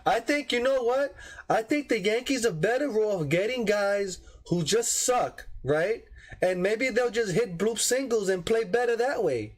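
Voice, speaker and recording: A man in casual sports chat, talking haltingly and filling his speech with "like" and "man". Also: sits high, animated. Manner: halting, full of "like" and "man" fillers. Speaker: podcast co-host.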